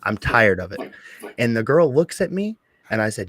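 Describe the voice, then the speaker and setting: A father co-hosting a podcast, telling a story in casual chat in a blunt, profane, animated way. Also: lowish voice, moderate pace, dry recording.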